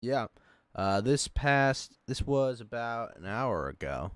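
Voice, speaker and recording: A man's voice: mid-range voice, big pitch swings, slow, clean tone, no room sound, studio quality. A young man hosting a casual online talk show, laid-back and chuckling often. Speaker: podcast host. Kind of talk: casual chat.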